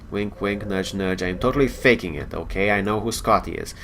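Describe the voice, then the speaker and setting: A man's voice: fairly low pitch, brisk, few pauses, fairly bright tone, slight background noise. A man hosting a casual let's play, joking and rambling as he plays. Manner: jokey and rambling, chuckles at his own jokes. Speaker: gaming channel host.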